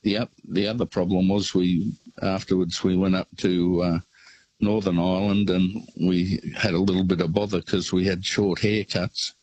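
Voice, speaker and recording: Deep husky Australian man telling stories. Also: little pitch movement, moderate pace, darkish tone, dry recording, poor audio. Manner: rambling storyteller with hesitations. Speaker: caller. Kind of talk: casual phone-in chat.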